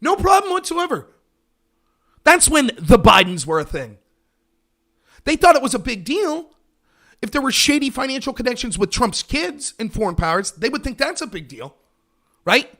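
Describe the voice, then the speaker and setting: A man hosting a political livestream, talking in a sarcastic, animated way and mocking his opponents. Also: very high-pitched, normal speed. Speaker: host of a political talk show.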